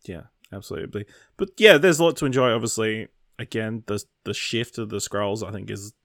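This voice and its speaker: A man co-hosting a casual film podcast, laid-back and often trailing off quietly. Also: fairly low pitch, fairly quick, dry recording, clean studio sound. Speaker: podcast co-host.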